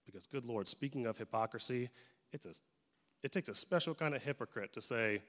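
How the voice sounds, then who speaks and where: Joking pastor in an echoey church. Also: male voice, mid-range voice, brisk, a bit bright. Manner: conversational, joking, emphatic. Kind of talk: sermon.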